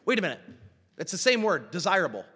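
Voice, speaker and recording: A man preaching a sermon as a pastor, animated and full of rhetorical questions, with wry self-deprecating asides. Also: sits high, fast, husky. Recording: long reverb of a large hall.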